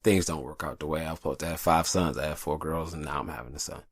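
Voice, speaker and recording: Deep gravelly man, animated monologue. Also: fast, dry recording, clean studio sound. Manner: profane, rambling and confessional. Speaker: podcast host. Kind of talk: casual monologue. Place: hot upstairs room.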